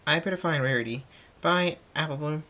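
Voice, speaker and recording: A man's voice: a little high, brisk, bright, forceful tone, pitched above the performer's own voice. A man voicing a prim, sweet young unicorn filly in a fan storybook reading, speaking in a dainty way.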